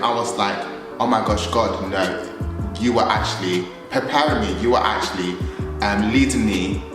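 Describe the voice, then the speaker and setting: A man in his twenties, a church leader, telling his story in an animated way, acting out his own reactions. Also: lowish voice. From England. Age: 20s. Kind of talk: storytelling vlog. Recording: very echoey hall with music behind.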